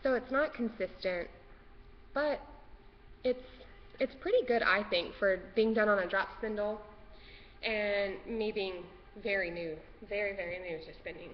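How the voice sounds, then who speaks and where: A woman's voice: medium pitch, a little slow. Woman, home craft vlogger, jittery and rambling; lo-fi audio, faint hiss. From Texas. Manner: nervous, rambling, easily distracted. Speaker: podcast host. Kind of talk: casual craft vlog chat. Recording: dull lo-fi sound with long reverb and faint noise.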